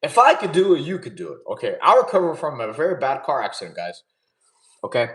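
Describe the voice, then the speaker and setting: A man chatting casually with his livestream audience and answering questions, laid-back and quick to laugh. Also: a little high, sing-song, a bit bright, roomy sound, poor audio. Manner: laid-back, chatty, laughs often, addresses chat as y'all. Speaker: streamer answering chat questions.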